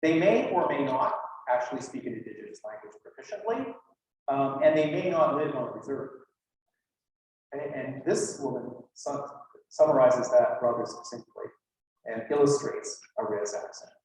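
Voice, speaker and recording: A man's voice: mid-range voice, normal speed, a little mellow, recorded from a distance, slight background noise. A man giving a conference talk in a loose, chatty way, with many fillers and asides. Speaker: lecturer. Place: lecture hall. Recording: echoey hall, from afar.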